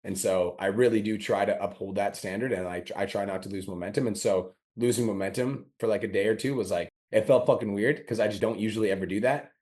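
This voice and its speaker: Getting past a sore throat, the podcast host speaks fast with few pauses in a low, somewhat mellow voice. His motivational monologue is blunt and full of profanity, and he performs his own inner complaints.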